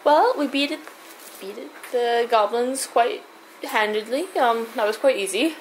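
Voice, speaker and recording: A woman recapping her character's adventures in a slow, unhurried way, her voice sitting fairly high. She halts often, filling gaps with little fillers, and sounds amused by the tale. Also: slight background noise, low-quality recording. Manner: halting, many fillers, amused.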